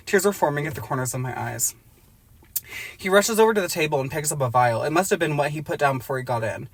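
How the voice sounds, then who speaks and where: A woman's voice: low-pitched, fast, breathy edge, no echo. A woman podcast host reading a romance novel aloud in a parked car, with crude, laughing asides.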